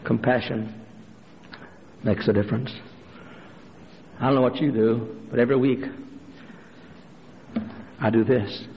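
A male pastor preaching a sermon in a church, swinging from hushed storytelling up to impassioned shouted refrains. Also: fairly even intonation, unhurried, creaky, long pauses, slight background noise. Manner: impassioned preaching, climbing to shouted refrains, dropping low for stories. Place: church sanctuary. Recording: lo-fi recording with long hall reverb.

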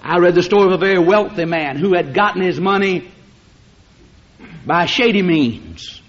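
A man preaching a fiery sermon, swinging from hushed tones to shouting and drawing out words for emphasis. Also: sits high, moderate pace. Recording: dull lo-fi sermon recording.

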